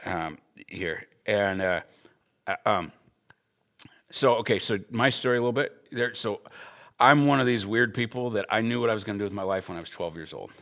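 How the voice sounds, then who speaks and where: A man's voice: fairly low pitch, moderate pace, a bit bright. A man in his forties teaching at a Bible school, talking in an earnest, emphatic, conversational way and telling personal stories. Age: 40s.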